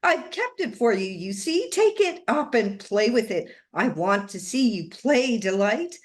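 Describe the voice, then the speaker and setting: A woman's voice: on the high side, sing-song, measured pace, voice pushed up. A woman reading aloud and voicing an unhinged, grieving older woman who speaks passionately and entreatingly. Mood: feverish. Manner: passionate, entreating, a little wild. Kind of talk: storybook reading.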